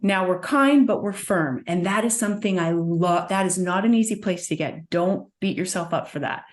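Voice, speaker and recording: A woman working as a somatic trauma practitioner, talking as an interview guest in an earnest, soothing way and guiding with gentle prompts. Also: on the low side, moderate pace. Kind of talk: guest in conversation, gentle coaching.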